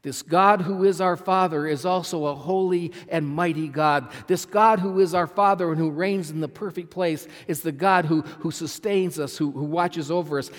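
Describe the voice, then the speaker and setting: A man preaching a sermon as pastor, emphatic, repeating phrases and swinging from loud to soft. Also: on the high side, long reverb tail. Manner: emphatic, repeats phrases, swells and drops in volume.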